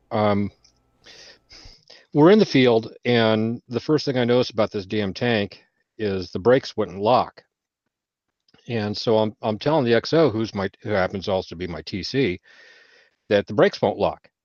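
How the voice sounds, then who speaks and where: A man's voice: lowish voice, dry recording. Profane man telling stories, dull lo-fi sound. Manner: heavy profanity, loud bursts when quoting himself. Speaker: veteran panelist. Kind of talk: casual storytelling chat. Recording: dull lo-fi audio.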